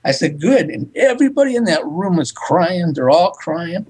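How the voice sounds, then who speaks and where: A man with a slightly raised pitch tells a long story as a guest on a radio interview. He talks in an animated way and acts out short exchanges of dialogue as he goes. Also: breathy edge, poor audio. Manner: animated, recounts dialogue in quick back-and-forth. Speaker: psychic medium guest.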